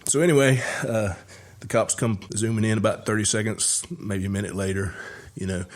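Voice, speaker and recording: A podcast host with a drawl and a somewhat low voice. He spins a yarn in a loose, folksy way, full of "uh" and "you know". The talk is relaxed and chatty. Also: a little fast. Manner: folksy, rambling, with many fillers and chuckles. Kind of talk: casual storytelling chat.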